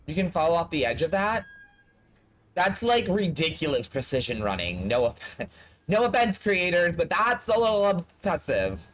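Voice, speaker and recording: A man's voice: on the high side, big pitch swings, moderate pace, fairly bright tone. A man giving casual let's-play commentary, blunt and talking straight to the game characters. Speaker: gaming streamer.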